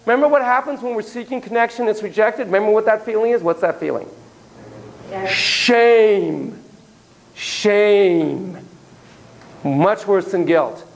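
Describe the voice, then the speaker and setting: A man's voice: high-pitched, brisk. A man teaching a class on child psychotherapy, emphatic and playful, with frequent asides. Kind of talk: classroom lecture.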